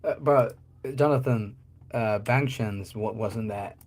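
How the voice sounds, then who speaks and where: A man's voice: lowish voice, takes it slowly, darkish tone. A man talking loosely on a livestream, joking and cursing as he answers chat. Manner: loose and joking, curses a lot, chats with viewers.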